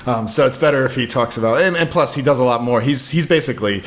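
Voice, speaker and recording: Fast-talking man on a podcast. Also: mid-range voice. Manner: fast, chatty, many restarts. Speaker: podcast co-host. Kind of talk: casual chat.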